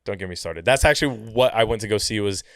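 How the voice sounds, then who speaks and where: A man from the American Midwest speaks in a low, smooth voice. He tells stories in a casual, animated way and fills his talk with "like." He is recorded on a dry, close studio mic. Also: quick pace, no echo. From Kansas City, United States. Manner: animated, chatty, heavy use of "like". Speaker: podcast guest. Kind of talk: casual storytelling interview.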